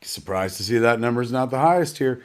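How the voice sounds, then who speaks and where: Hosting a live online premiere, this man rambles casually, pokes fun at himself, and lets the occasional curse slip. His mid-range voice is clear and resonant, with brisk delivery and lively intonation.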